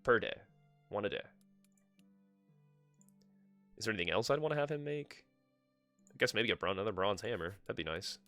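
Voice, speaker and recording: A man streams a game with casual, self-directed commentary and plenty of swearing. His voice sits low but sounds bright and forceful. Soft game music runs underneath. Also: fast talker, no room sound. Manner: swears freely, talks to himself. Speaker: live streamer.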